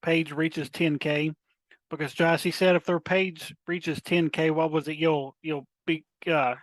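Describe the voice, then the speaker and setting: A Southern man with a somewhat high voice hosts a casual podcast chat. He stumbles and repeats words often. The recording is dry and close. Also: steady tone, measured pace, no room sound.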